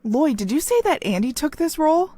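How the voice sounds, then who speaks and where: A woman's voice: high-pitched, big pitch swings, brisk, mellow. An actress playing a principled, protective young woman who protests in disbelief. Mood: indignant. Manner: incredulous, protesting. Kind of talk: audio drama acting.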